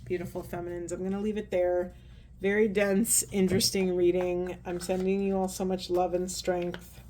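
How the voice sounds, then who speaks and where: Woman, oracle card reader, soft and earnest, meandering delivery with fillers. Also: lowish voice, level tone, moderate pace, a little hiss or hum. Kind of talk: spiritual card reading talk.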